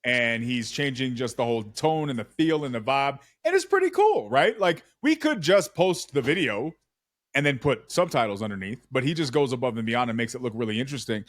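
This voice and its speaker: Lively, slangy podcast guy, voice swings up and down a lot, dry close sound. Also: medium pitch, a little fast, no echo. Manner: animated storyteller, slangy. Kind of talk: casual podcast chat.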